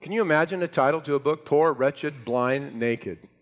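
A man's voice: on the high side, normal speed. A man preaching a sermon to a congregation, with emphatic, rising delivery. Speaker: pastor. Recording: hall reverb.

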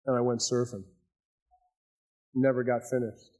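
An older man preaching a sermon as pastor, swinging between raised emphasis and hushed asides. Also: medium pitch, level tone, unhurried.

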